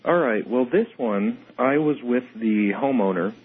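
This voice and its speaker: A man's voice: medium pitch, expressive, a little slow, slightly rough. A man calling into a radio show as a guest investigator, explaining his recordings in a matter-of-fact way. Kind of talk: radio interview answers. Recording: tinny phone-line audio.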